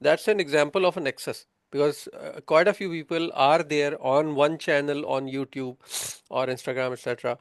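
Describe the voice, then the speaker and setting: Clear-voiced, fillers-heavy tax instructor, a man. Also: fairly high pitch, fairly even intonation, moderate pace, no echo, clean studio sound. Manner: explains patiently, quizzing students, many fillers. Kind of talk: interactive online lesson.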